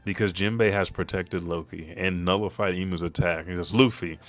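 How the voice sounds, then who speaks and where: Talking a little fast, this man recaps what happened in a comic chapter, cursing freely and telling it with animated energy. As a manga spoiler commentator, he acts out character lines in sudden high-pitched quotes.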